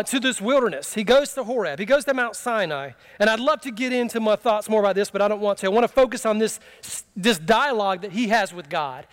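Telling a personal story and asking his congregation questions, a pastor delivers a humorous, conversational sermon. His voice is very high and a bit bright.

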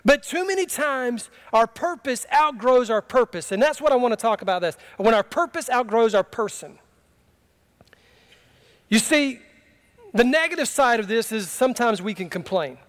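A man's voice: extremely high pitch, lively intonation, normal speed. A man preaching a sermon in a conversational, humorous way, telling a story from his own life and asking the congregation questions. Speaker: pastor.

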